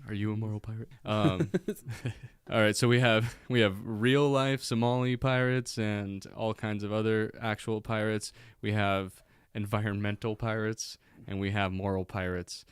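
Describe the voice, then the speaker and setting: Smooth-voiced man holding forth on a podcast. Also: on the low side, steady tone, moderate pace, no echo, clean studio sound. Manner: opinionated, laughs often. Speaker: podcast co-host. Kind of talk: casual chat.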